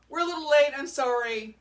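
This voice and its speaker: A woman who drums in a band hosts a casual livestream, laughing often and rambling through her stories. Her voice is high-pitched, and she sounds far from the mic, giving the audio a roomy quality.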